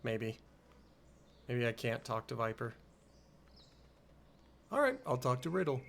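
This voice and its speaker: A man's voice: medium pitch, lively intonation, moderate pace, creaky, pauses often, faint music behind. A man streaming a game in casual, rambling, self-correcting commentary with a goofy tone. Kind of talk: casual let's-play commentary.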